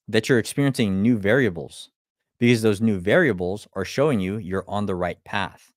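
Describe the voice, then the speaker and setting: A man with a fairly low voice speaks in a blunt, profane live motivational talk. He keeps hammering his listeners with rhetorical questions and trips over restarts when he gets going. The sound is dry and close, with no room echo. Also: lively intonation, normal speed. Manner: restarts and stumbles when fired up.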